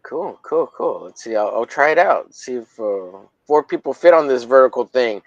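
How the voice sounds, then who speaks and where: Gravelly-voiced joking stream host. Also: male voice, mid-range voice, lively intonation, normal speed, no echo, muffled recording. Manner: rambling, joking, profane. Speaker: livestream host, comic artist. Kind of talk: casual livestream chat.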